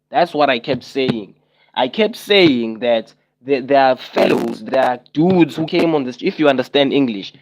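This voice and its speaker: A man's voice: mid-range voice, poor audio. A young man on a casual livestream, talking to his viewers and repeating himself in exasperated rhetorical questions.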